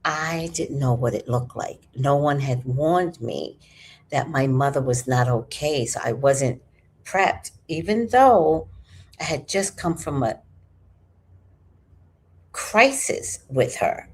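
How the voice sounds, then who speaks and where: A woman in her forties hosting a livestream, telling stories in a casual, animated way that swings from hushed to loud. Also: low voice, breathy edge. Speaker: livestream host. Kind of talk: casual storytelling to a live chat.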